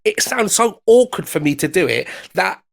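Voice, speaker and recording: British guy, gravelly, keen on agreeing, loose chat. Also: sits high, sing-song, normal speed. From United Kingdom. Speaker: foreign correspondent. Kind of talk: casual chat.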